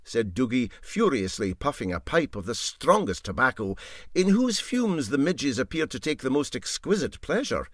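A man reading a comic short story aloud, expressive in delivery. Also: mid-range voice, moderate pace, no room sound, studio quality. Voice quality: expressive reader. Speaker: narrator.

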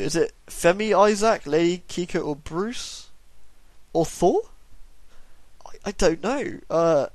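A man's voice: sits high, expressive, measured pace, no echo. A tired young man casually reading out and answering viewer questions, rambling with dry, self-deprecating humour. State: tired, yawning. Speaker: YouTube gaming channel host.

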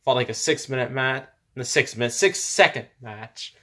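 A man doing a blunt male wrestler in a fan-made parody. He mocks and lectures his rival in a mid-pitched voice near his natural one. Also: normal speed, bright, forceful tone, natural voice. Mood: mocking. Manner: mocking, lecturing put-downs. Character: defiant male pro wrestler, mocking and blunt.

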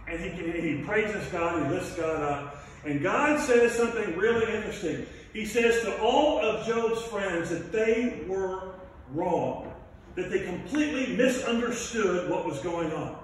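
High-voiced preacher in a booming room. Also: male voice, animated, unhurried, a little hiss or hum. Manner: conversational storytelling with light humor. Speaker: pastor. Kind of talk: sermon. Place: church sanctuary. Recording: very echoey room, mic at a distance.

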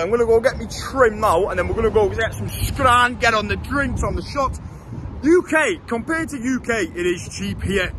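A young man chats to his camera as he walks city streets, blunt, jokey and quick to swear. His voice sits high for a man, and traffic and street noise carry clearly behind him. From England. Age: 20s. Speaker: travel vlogger. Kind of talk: casual walking vlog.

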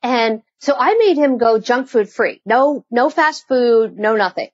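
A woman's voice: fairly high pitch, a little slow, no echo, highs cut off. A woman hosting an interview, telling stories and acting out the people she quotes. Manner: animated storyteller, acts out quoted dialogue. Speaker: podcast host. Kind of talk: casual interview chat.

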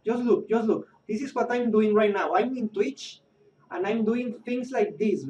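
A man's voice: high voice, a little slow, warm tone. Exasperated man ranting. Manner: exasperated, repetitive, swearing, restarts often. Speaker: Twitch streamer. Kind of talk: rant about a card game. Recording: distant mic with faint background noise.

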